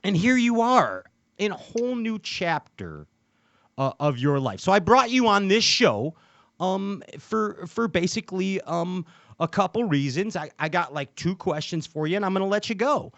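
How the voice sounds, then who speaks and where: A man's voice: high voice, lively intonation, normal speed, fairly bright tone, dry recording, highs cut off. A man hosting a casual call-in fishing talk show, rambling and friendly. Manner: hyped announcer-style intros, loose rambling talk. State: out of breath. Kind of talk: casual podcast chat.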